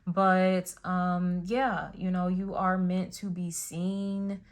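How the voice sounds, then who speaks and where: Slow-paced woman giving a tarot reading. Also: fairly low pitch, level tone. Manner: rambling, many fillers and restarts. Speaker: tarot reader. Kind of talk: casual spiritual reading.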